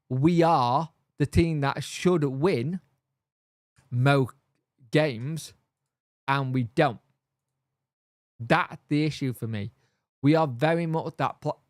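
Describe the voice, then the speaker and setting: Male fan host, rambling casual chat, slightly higher voice, dry close sound. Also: no echo. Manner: rambling, thinking aloud with many fillers. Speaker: football fan channel host. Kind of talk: casual live-stream chat.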